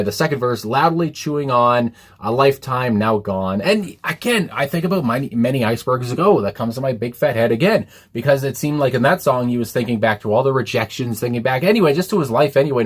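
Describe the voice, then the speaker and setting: Rambling man reviewing a song. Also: mid-range voice. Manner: rambling, many fillers and restarts, laughs often. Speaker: music reaction video host. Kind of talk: casual spoken music review.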